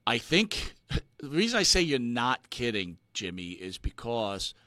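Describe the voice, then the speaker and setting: A man co-hosting a casual talk show, halting and full of restarts and fillers, emphatic and earnest when he presses a point. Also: medium pitch, big pitch swings, bright, forceful tone, dry recording. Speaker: podcast co-host. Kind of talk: casual conversational commentary.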